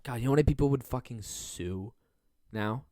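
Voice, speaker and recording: A podcast host talking through a casual comedic monologue, rambling and swearing freely, with lots of fillers and asides. Now and then the host slips into quick put-on voices to act out other people. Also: mid-range voice, dark tone, dry recording, studio quality. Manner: acts out quoted people in shifting voices.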